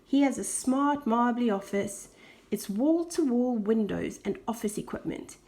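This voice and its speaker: Slow, expressive woman reading a storybook. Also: a little high. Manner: expressive, with soft whispered asides. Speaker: storybook reader. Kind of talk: reading a children's picture book aloud.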